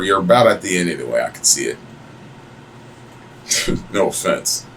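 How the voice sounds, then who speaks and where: A man hosting a podcast, telling stories casually in a crude, mocking, animated way. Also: low-pitched, slight background noise, rough recording. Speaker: podcast host. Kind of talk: casual profane storytelling.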